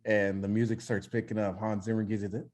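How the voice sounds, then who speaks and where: A young man co-hosting a podcast, telling animated stories in casual chat and swearing freely. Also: fairly low pitch, fast. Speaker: podcast co-host.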